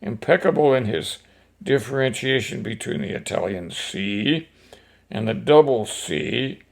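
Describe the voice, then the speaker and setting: Male host, slow and gravelly, reads poems aloud with offhand asides. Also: mid-range voice, big pitch swings. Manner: unhurried, with fillers and throat-clearing. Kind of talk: poetry reading with casual asides.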